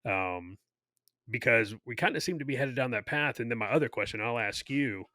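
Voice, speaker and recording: A man's voice: mid-range voice, expressive, moderate pace, pushed and bright, no room sound. A man, an army veteran, co-hosting a casual podcast and rambling through his points with many fillers and restarts. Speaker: podcast co-host.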